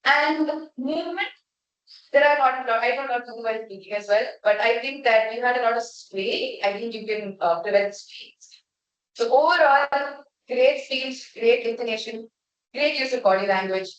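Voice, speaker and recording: A woman's voice: a little high, normal speed, dull audio. A young woman giving a frank, conversational evaluation of a speech at a club meeting, restarting her phrases now and then. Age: young adult. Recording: echoey room, voice from far off.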